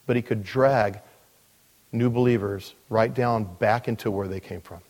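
A man, a pastor, preaching a sermon in a relaxed, joking way, with lots of asides. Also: on the low side, measured pace. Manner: conversational, joking, frequent "you know" asides. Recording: long reverb of a large hall.

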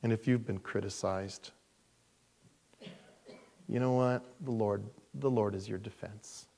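A man preaching a sermon. He is animated, swings from loud emphasis to hushed asides, and acts out the people he quotes. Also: lowish voice, a little slow, creaky. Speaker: pastor.

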